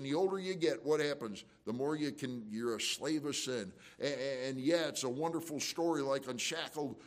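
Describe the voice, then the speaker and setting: A man preaching a sermon as pastor, conversational and fervent, with emotional surges, frequent restarts and folksy asides. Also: on the high side.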